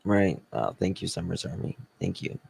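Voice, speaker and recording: A man's voice: low-pitched, lively intonation, moderate pace, gravelly, darkish tone, slightly rough. A man from the South, hosting a casual livestream, chatting and thanking viewers by name, sounding tired. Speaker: livestream host.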